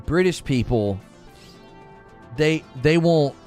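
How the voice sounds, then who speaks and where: A man from the United States hosts a casual stream and reads chat messages aloud. His voice sits a little high and swings widely in pitch. He laughs often and trips over quick restarts, with faint music playing underneath. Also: expressive, darkish tone. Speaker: streamer host reading chat.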